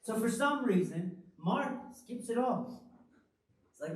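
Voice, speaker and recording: A man preaching a sermon as pastor, in an animated, conversational style full of rhetorical questions. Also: very high-pitched, slow, a little hiss or hum. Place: church hall. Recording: very echoey hall, from the far mic.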